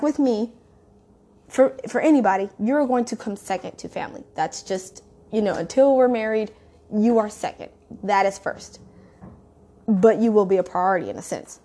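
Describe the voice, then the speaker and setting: A young woman telling a personal story in a candid, profane, animated way, acting out what she and others said. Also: fairly high pitch. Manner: candid, profane, animated retelling with quoted asides. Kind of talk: casual storytelling monologue.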